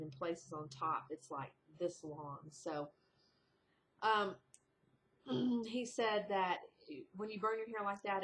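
A woman vlogger chatting casually at home in a rambling video diary, breaking into high, excited exclamations. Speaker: diet vlogger. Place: indoors at home.

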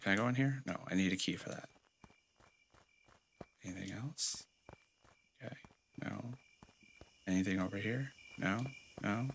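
A man's voice: a little slow, gravelly, pauses often, a little hiss or hum. A man commenting on a horror game as he plays, joking and sarcastic, reading the game's notes aloud. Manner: playfully mocks the game with sudden high squeals. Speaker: gameplay commentator.

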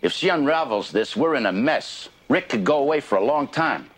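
An actor playing an anxious, pushy schemer covering up a crime. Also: male voice, medium pitch, animated, moderate pace, lightly acted. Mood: worried. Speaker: schemer worried about a witness.

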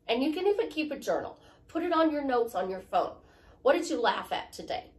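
Heard through a faraway microphone, this high-pitched, expressive woman talks quickly as a life coach. She's chatty and motivational, circling back to repeat her points and poking fun at herself.

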